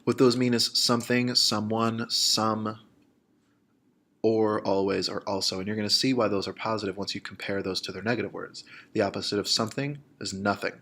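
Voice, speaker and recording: A man explaining grammar in a recorded lesson, slowing down to spell out examples. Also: fairly low pitch. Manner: steady explanatory pace, slows to spell out examples. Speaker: Spanish teacher.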